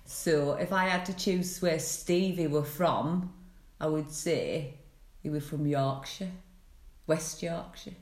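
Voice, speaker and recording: A woman's voice: deep voice, fairly even intonation, slow pace, a little mellow, echoey room. A Scottish woman chatting casually as a podcast co-host, giggly and a little scattered. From Scotland. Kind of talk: casual chat.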